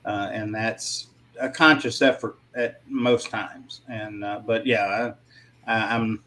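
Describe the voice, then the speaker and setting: A man in a casual panel discussion, speaking in a reflective way with frequent pauses. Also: on the low side, fairly even intonation, bright, forceful tone, poor audio.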